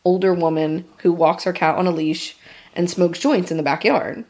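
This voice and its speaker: A woman with a lowish voice speaks at a normal pace while co-hosting a podcast. She's an animated storyteller in casual chat, swearing frequently and acting out what people said.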